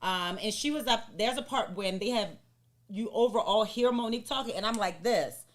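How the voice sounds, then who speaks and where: A woman co-hosting a podcast, telling a story in a blunt, profane, animated way. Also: medium pitch, normal speed. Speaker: podcast co-host. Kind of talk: casual podcast chat.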